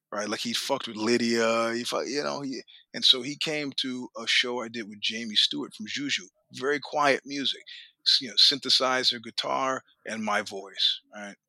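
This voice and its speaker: Middle-aged male guest, bright forceful voice, dry close mic; swearing, animated raconteur who acts out the quotes. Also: mid-range voice, dry recording. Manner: animated, profane, laughs often, acts out quoted lines. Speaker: podcast guest. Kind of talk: storytelling in a casual interview.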